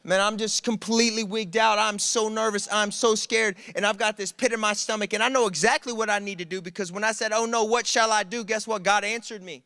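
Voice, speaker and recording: A man preaches to a college crowd, telling his own stories with humor and energy. His voice sits high and bright. The sound is close and dry. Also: a little fast, hardly any pauses, no room sound. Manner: animated, conversational storytelling with humor. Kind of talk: sermon. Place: church service.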